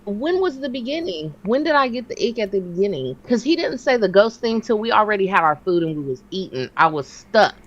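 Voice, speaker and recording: A woman in her thirties tells a story on a casual podcast, her voice set in a middle register. She gets animated and jumps her pitch up and down when she acts out what people said. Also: a little fast, hardly any pauses, lo-fi sound. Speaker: podcast co-host.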